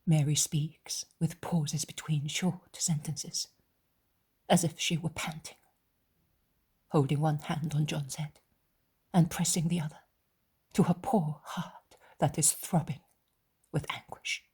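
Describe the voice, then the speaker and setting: A woman narrating an audiobook in a hushed, slow, solemn whisper. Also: low voice, level tone, slightly rough.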